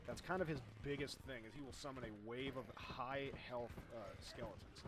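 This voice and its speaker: A man giving casual, chatty commentary over his own game, explaining as he plays and getting excited when the fight turns close. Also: mid-range voice, moderate pace, background noise. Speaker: gaming YouTuber.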